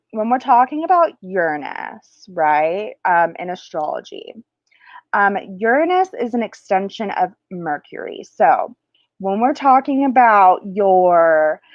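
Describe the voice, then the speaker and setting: A woman's voice: mid-range voice, dry recording, lo-fi sound. A woman hosting a spiritual livestream, chatting casually and crassly, rambling and losing her train of thought. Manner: slow, drawn-out teaching delivery.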